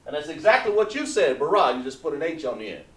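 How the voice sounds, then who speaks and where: Echoey teacher drilling pronunciations slowly. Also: male voice, a little high, big pitch swings, recorded from a distance, heavy background noise. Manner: patient, repeats points, drawn-out slow pronunciations. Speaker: Hebrew language teacher. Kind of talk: live online class teaching. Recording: echoey room, voice away from mic.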